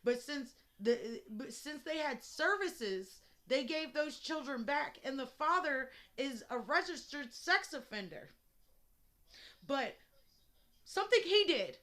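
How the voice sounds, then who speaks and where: A woman with a slightly high voice vents to her viewers in a personal vlog. She is raw, emotional and blunt, and she swears freely. She is recording indoors at home. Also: expressive, slow pace, fairly bright tone. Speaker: vlogger.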